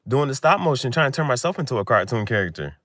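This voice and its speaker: A young man talking casually late at night in loose slang, laughing often and swinging between loud bursts and mumbles. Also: medium pitch, very animated, fast, dry recording, studio quality. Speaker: vlogger.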